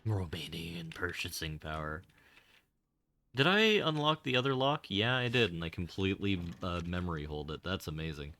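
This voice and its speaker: A man streams a game, giving casual commentary in a low-pitched, bright and forceful voice with big pitch swings at a moderate pace. He rambles, swears casually and tosses in wry, sarcastic asides.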